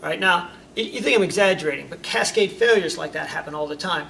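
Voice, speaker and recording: A man's voice: a little high, fast talker, gravelly. A man teaching as a karate instructor, talking informally to his students and acting out examples, recorded from a distance with faint background noise. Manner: animated storyteller, acts out examples. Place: karate school.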